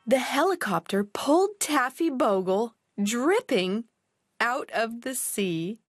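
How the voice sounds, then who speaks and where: A woman reading a children's picture book aloud in a slow, expressive, clearly paced way. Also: on the high side, no room sound. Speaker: storyteller. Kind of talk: children's storybook read-aloud.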